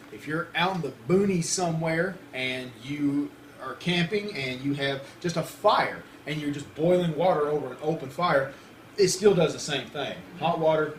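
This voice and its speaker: A Southern US man from the Deep South hosts his own coffee review show, casually walking through each step of brewing a cup. His voice is a little high, and the recording sounds roomy with a faint hiss or hum.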